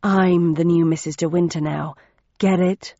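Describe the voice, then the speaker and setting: A woman's voice: lowish voice, steady tone, a little slow, dark tone, no room sound, muffled recording. A woman reader voicing an arrogant female impostor who sneers and snarls curtly. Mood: sneering. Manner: sneering, curt.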